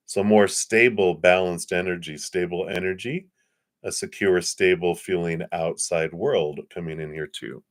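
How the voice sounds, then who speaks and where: A man giving a live-stream tarot reading. He talks in a relaxed way, laughs often and thanks viewers by name. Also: sits low. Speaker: tarot card reader.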